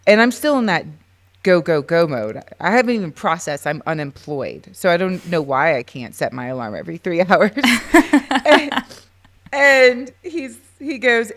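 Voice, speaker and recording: A middle-aged woman talks as a guest on a podcast, telling her story in a relaxed, conversational way. Her voice sits low, and she brings her story to life by acting out the dialogue of the people in it. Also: normal speed. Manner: animated, acts out quoted dialogue. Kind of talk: casual storytelling.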